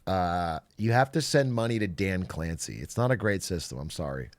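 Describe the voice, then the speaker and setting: A man's voice: sits low, normal speed. A man streaming live, chatting casually with viewers in jokey, profane rants. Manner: swearing, animated, jokey rants. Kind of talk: casual livestream chat.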